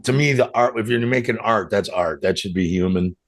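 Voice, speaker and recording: A man's voice: lowish voice, a little fast. A man hosting a casual podcast conversation, joking around, laughing often and talking in a loose, rambling way. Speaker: podcast host.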